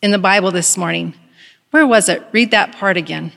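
Lady reading as a calm hopeful sister, eager and encouraging, mid pitch, hall echo. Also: moderate pace, vocal fry. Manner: eager, encouraging, gently insistent. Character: serene, hopeful woman prisoner, the sister.

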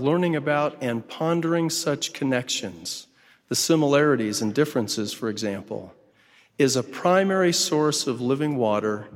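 A man preaching a sermon with a measured, emphatic delivery. He leans into lists and key words. His voice sits at an ordinary pitch and carries a long reverb, as if it is filling a large hall. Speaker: church speaker.

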